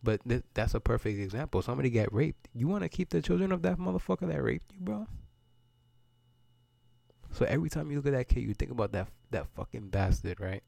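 A man's voice: medium pitch, big pitch swings, fairly quick, gravelly, mellow, no room sound. A man, hosting a solo podcast and ranting in a loose, profane, rambling way, often repeating words as he goes. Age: 30s. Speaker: podcast host.

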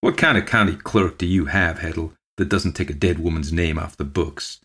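Stern, curt bureaucrat, deep voice; male reader voices him. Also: moderate pace, a bit bright, slightly rough, heavily acted. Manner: austere, curt, sneering. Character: stern humorless male government official.

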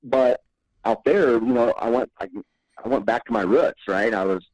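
A man's voice: medium pitch, moderate pace, a little mellow, no echo, highs cut off. A man guesting on a podcast, telling stories in a laid-back, rambling way and chuckling often. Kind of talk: casual podcast storytelling.

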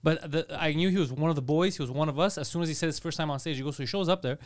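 A man co-hosting a podcast in casual chat, telling stories excitedly and swearing often. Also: on the high side. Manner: excitable, fast storytelling with swearing. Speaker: podcast co-host.

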